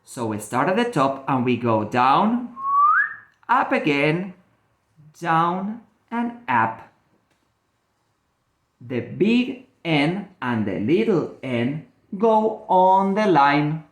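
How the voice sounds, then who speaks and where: A man gives a children's phonics lesson, stretching every word very slowly. His pitch swings brightly up and down as he explains letters and tells a story. The room rings with echo. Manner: slow, drawn-out, lively teacher talk. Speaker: ESL teacher.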